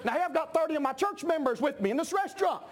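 A middle-aged pastor delivers a sermon with a strikingly high voice. He drives his points home emphatically, rising to shouts at his peaks. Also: expressive, fast.

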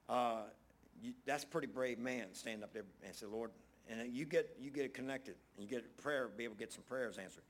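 A man's voice: mid-range voice, normal speed. A man preaching a casual, conversational sermon, folksy, often repeating phrases for emphasis.

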